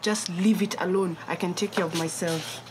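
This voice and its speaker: A woman's voice: fairly low pitch, fairly even intonation, normal speed, slight background noise, close to an everyday voice. An actress playing a guarded woman who pleads to be left alone in a TV drama. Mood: pleading. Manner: pleading, brushing off help. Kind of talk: TV drama acting.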